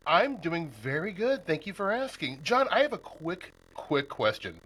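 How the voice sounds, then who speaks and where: Upbeat male podcast host from Nebraska, lively, bright voice, laughs easily. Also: high-pitched, moderate pace, breathy edge, rough recording. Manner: upbeat and chatty, laughs often. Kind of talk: casual interview chat.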